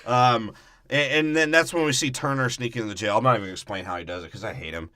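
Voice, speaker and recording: A man's voice: medium pitch, quick pace, sharp tone, no echo, studio quality. A man co-hosting a podcast, breaking down a movie in a crude, profane and mocking way. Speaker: podcast co-host.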